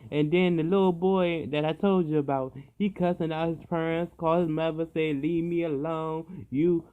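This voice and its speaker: Casual storytime vlogger, man with a slightly high voice, dramatic and cussing, muffled recording. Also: normal speed, clear, resonant tone. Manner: animated, profane, dramatic retelling.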